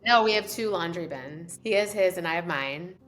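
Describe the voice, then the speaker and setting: A woman's voice: lowish voice, animated, normal speed, a crowd in the background. A woman co-hosting a podcast, chatting casually and telling stories about home life, often acting out what others said. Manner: chatty storyteller, acts out others' lines. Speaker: podcast co-host. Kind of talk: casual chat.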